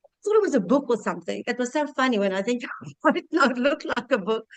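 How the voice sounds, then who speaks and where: A woman in her fifties with a South African accent gives a heartfelt, rambling personal testimony over a video call. Her voice sits fairly high for a woman. The sound is dry, with no room echo. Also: expressive, fast. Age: 50s. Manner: earnest, heartfelt, rambling with restarts. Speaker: guest sharing her success story.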